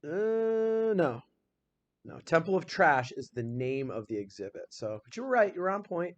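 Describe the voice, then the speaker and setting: Upbeat male teacher, slightly high voice. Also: muffled recording. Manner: upbeat and energetic, asks the class many questions; reads example sentences aloud slowly. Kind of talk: classroom lesson, leading a grammar exercise. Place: classroom.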